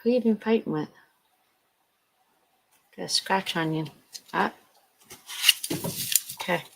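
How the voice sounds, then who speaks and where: A woman's voice: on the low side, takes it slowly, gravelly, poor audio. A woman co-hosting a casual livestream, playful and teasing, laughing a lot. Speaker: livestream co-host.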